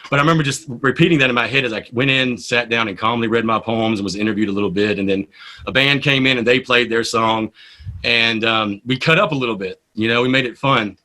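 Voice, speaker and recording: A man, a poet and radio host, telling stories in a casual interview with an animated manner. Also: medium pitch, fast talker. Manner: animated storyteller.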